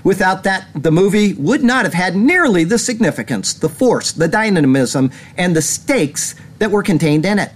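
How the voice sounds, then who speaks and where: A man's voice: high voice, normal speed, few pauses. A man hosting a casual commentary show, rambling and retelling stories with laughs. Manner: rambling, animated storytelling with laughs. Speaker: host.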